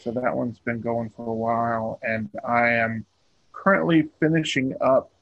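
A man's voice: mid-range voice, steady tone, a little slow, vocal fry, dry recording, muffled recording. A man, a comic book artist being interviewed, talking casually and rambling with many ums and restarts.

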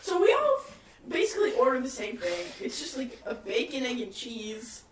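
A woman's voice: on the high side, very animated, normal speed, a crowd in the background. A woman co-hosting a podcast, telling a story in casual chat and giggling through it. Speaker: podcast co-host. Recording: roomy, distant, faint noise.

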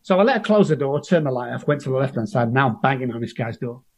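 Husky man telling his story. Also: mid-range voice, expressive, fast talker, darkish tone. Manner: earnest, emotional, acts out quoted voices. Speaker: interview guest. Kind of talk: personal storytelling.

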